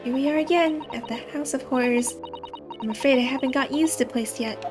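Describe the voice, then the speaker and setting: A woman voicing a polite, gentle young female assistant who speaks earnestly. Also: high-pitched, brisk, music in the background, pitched above the performer's own voice, natural voice.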